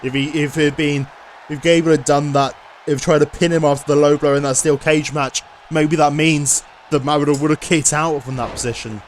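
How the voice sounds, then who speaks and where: A man giving lively play-by-play commentary over a wrestling video game, often bursting into loud excited shouts. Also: on the high side, fairly quick, a little hiss or hum.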